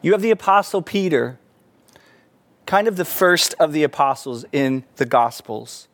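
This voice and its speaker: A man preaching a sermon, earnest, rising to emphatic peaks and falling back soft. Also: on the high side, expressive, measured pace, no room sound. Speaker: pastor.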